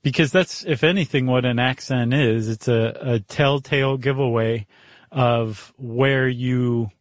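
A man hosting a podcast in casual chat, quick and joking, laughing often. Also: mid-range voice, steady tone, dry recording. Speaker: podcast host.

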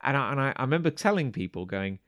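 A man's voice: mid-range voice, big pitch swings, quick pace, a bit bright, no room sound, studio quality. Man spinning a rambling story. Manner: rambling anecdote with stammered restarts and acted quotes. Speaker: podcast co-host. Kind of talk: casual chat, storytelling.

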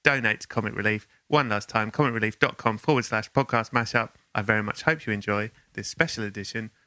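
A man hosting a comedy podcast, talking with deadpan, mock-grandiose delivery into a close studio mic. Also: fairly low pitch, fast talker, dry recording. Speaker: podcast host. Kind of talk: comic podcast chat.

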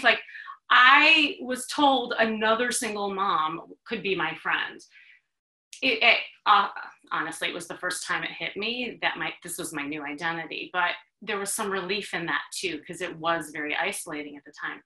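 A woman from Chicago, hosting a talk for women and telling her own story in an animated, confiding way with laughs and restarts. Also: on the low side, normal speed, roomy sound, low-quality recording. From Chicago, USA. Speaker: host, dating coach. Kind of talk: personal storytelling to an audience of women.

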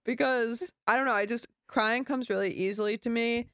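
A young woman with a smooth, clear voice co-hosts a podcast. She talks in an animated, rambling way and laughs often, recorded dry and close. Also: fairly high pitch, a little fast, no room sound. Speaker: podcast co-host. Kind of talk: casual chat.

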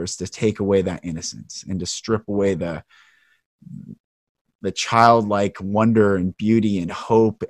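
A man's voice: on the low side, a little mellow, no room sound, studio quality. A man hosting an interview podcast, talking in an earnest, emotional, heartfelt way. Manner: earnest, emotional, speaks passionately. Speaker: podcast host.

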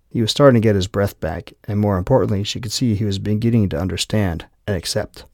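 A man narrating an audiobook in steady scripted narration. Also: fairly low pitch, fast talker, hardly any pauses, no echo, clean studio sound.

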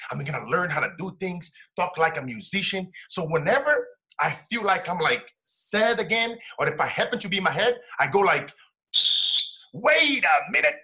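Man, interview guest, bright, slightly high voice, expressive storyteller swinging between soft and loud. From Brazil. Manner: animated, shifts between hushed and loud laughing bursts. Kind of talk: emotional storytelling in conversation.

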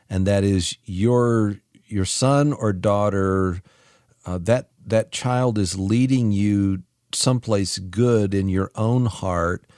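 A man with a low voice co-hosts a radio talk show. He speaks in a measured, reflective way, and the studio sound is dry. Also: a little mellow, no room sound. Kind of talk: interview talk.

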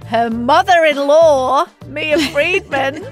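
A woman's voice: high-pitched, takes it slowly, soft background music. A woman hosting a podcast, opening the show in an upbeat, playful way. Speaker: podcast host. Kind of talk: show introduction.

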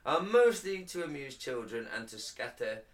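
A man's voice: medium pitch, very animated, normal speed. A man co-hosting a casual podcast, reading notes aloud, laughing often and stumbling over foreign words. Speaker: podcast co-host.

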